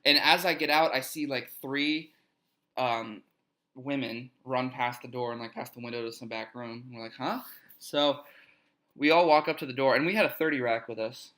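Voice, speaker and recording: A man's voice: mid-range voice, fairly even intonation, normal speed, bright, forceful tone. A young man hosting a podcast, telling a rambling story in casual chat, swearing freely and saying "like" a lot. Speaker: podcast host.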